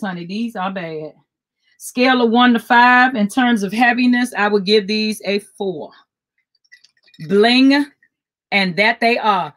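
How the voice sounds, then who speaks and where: An older woman with a drawl runs a live jewelry sale, greeting viewers by name and calling out item numbers again and again. Her voice sits a little high. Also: a bit bright. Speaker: jewelry seller on a live stream. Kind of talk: live sales stream.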